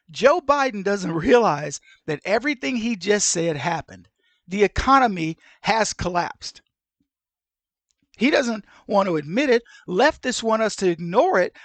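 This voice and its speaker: Middle-aged man, podcast host, high voice, animated storytelling, dry close recording. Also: dry recording. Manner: animated storyteller who acts out the people he quotes. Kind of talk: opinion commentary.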